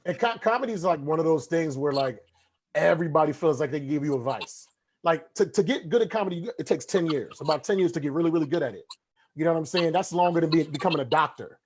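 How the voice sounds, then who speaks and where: A man hosting a casual podcast, talking in a profane, animated way. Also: fairly high pitch, a little hiss or hum. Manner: fast, profane, animated storytelling. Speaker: podcast host.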